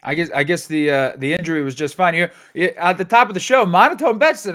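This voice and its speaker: A man's voice: on the high side, fast, a bit bright. A man co-hosting a fantasy football podcast, rambling and joking as he interrupts himself. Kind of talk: casual sports chat.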